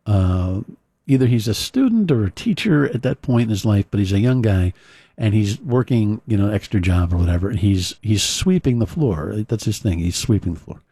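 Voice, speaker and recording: Low, husky rambling talk radio host. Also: male voice, animated, moderate pace, warm tone, no room sound. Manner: rambling storyteller with fillers and restarts. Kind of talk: casual talk radio monologue.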